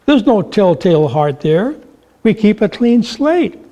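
A man's voice: high-pitched, big pitch swings, unhurried, warm tone, dull audio. A man preaching a sermon, telling a story and acting out the voices in it.

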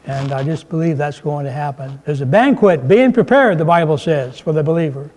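A man's voice: fairly high pitch, lively intonation, fairly quick, darkish tone, rough recording. A man preaching a sermon in a conversational way, mixing humor and scripture and lifting his voice for emphasis. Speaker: pastor.

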